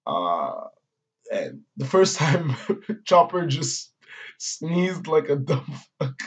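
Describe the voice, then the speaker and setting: A man's voice: a little high, very animated, slow pace, breathy edge. A man reviewing a comic chapter in a casual, rambling way, with slang, swearing and plenty of fillers. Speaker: manga reviewer. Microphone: audio-only recording. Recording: dull lo-fi audio.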